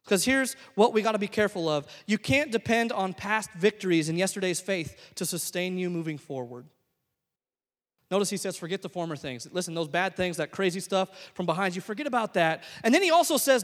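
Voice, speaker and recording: High-voiced young man preaching in a hall. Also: lively intonation, a little fast. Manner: emphatic preaching, swings between loud exhortation and soft asides. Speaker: pastor. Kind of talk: sermon. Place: church sanctuary.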